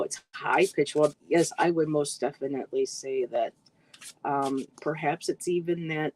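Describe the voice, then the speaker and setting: A card reader hosts a casual livestream, greeting chat viewers by name and occasionally tripping over words. The mid-range voice comes through a rough recording with a little hiss or hum.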